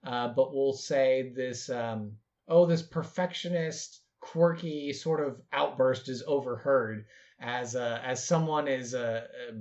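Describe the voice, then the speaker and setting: A man describing his character's actions at a tabletop game, hesitant, full of ums and uhs, at a middle pitch. The recording is dull and lo-fi. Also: darkish tone. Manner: hesitant, many fillers. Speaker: tabletop role-play player.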